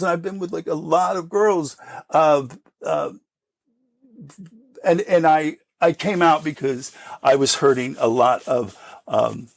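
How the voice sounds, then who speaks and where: A middle-aged American man telling candid, animated stories about his recovery and acting out the voices of the people in them, laughing often. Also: on the high side, creaky, no room sound. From United States. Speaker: podcast guest.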